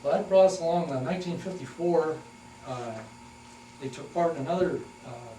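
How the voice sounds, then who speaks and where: An older man giving a folksy talk to a local historical society, halting often with fillers as he reminisces. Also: fairly high pitch, dark tone. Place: hall at a historical society meeting. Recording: echoey room, distant mic, noisy.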